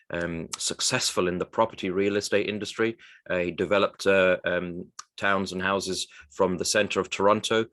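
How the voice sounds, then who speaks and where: A man as a radio interview guest, telling his career story in a halting, reflective way with frequent restarts. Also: low-pitched, a bit bright, no room sound. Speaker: guest, recruitment firm co-founder.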